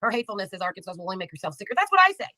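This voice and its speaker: A woman's voice: medium pitch, very animated, racing, pushed and bright, no room sound, low-quality recording. A woman hosting a live commentary stream, sarcastic and profane, chatting casually and reading out comments. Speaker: livestream commentary host.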